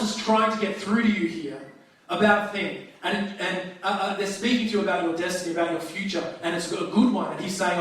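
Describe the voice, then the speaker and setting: A man preaching a sermon as pastor, talking in a conversational, lively way with frequent restarts. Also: sits high. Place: church hall. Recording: very echoey hall, distant mic.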